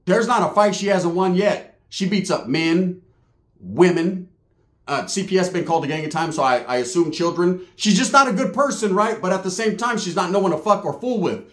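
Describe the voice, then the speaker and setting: A man's voice: high-pitched, normal speed, reverberant. A man doing stand-up, telling a profane, slang-filled story and acting out the quotes. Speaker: stand-up comedian.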